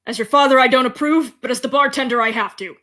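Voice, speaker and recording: A woman's voice: high-pitched, quick pace, a bit bright. A woman voicing a fatherly male bartender, speaking in a dry, matter-of-fact way.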